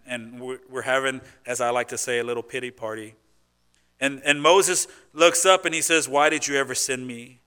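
A man serving as pastor preaches a sermon, addressing the congregation conversationally and posing rhetorical questions as he shifts between loud emphasis and quiet asides. His voice sits in the mid-range with a clean tone.

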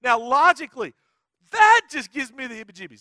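A man's voice: very high-pitched, sing-song, a little fast, sharp tone, no room sound, studio quality. A middle-aged male pastor, preaching emphatically and quizzing his congregation. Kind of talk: sermon.

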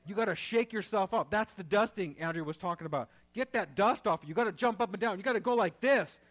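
High-voiced man preaching a sermon. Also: brisk. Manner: conversational preaching that rises into loud fervent prayer. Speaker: pastor.

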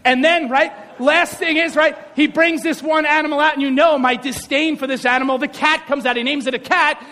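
A man giving an animated, joking sermon, acting out scenes as he tells stories, in a reverberant hall. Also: extremely high pitch, brisk. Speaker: speaker, high school teacher. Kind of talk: sermon with comic storytelling.

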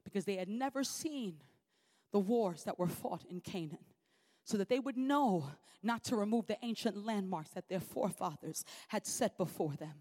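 A woman's voice: mid-range voice, expressive, normal speed, darkish tone. A woman preacher delivering a sermon in an emphatic, repetitive preaching cadence.

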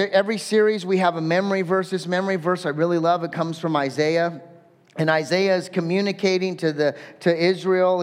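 A man from Southern California preaching a conversational, self-deprecating sermon to his church. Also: high-pitched. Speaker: pastor. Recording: echoey hall.

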